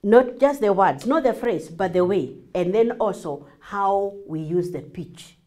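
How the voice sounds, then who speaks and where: A Kenyan woman coaches a class on marriage, her voice sitting at an ordinary middle pitch. She teaches with energy and acts out everyday examples in changing voices, moving easily between English and Swahili. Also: expressive, a little slow, warm tone.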